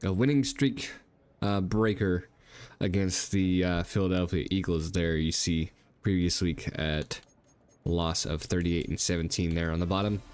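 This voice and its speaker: A man's voice: deep voice, steady tone, unhurried, a little mellow, clean tone. A congested man hosting a gaming video, chatting casually and thinking aloud with fillers as he plays. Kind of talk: casual gameplay commentary.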